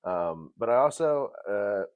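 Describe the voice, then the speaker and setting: A man hosts a casual review show in a very low voice that still swoops widely in pitch. He is jokey and animated, jumping between loud outbursts and quiet mutters. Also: measured pace. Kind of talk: casual commentary.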